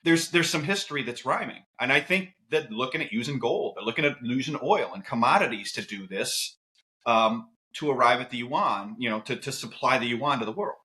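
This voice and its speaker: A man who is a podcast guest, talking casually and telling stories with quick asides. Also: mid-range voice. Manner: animated, lively storytelling with quick asides.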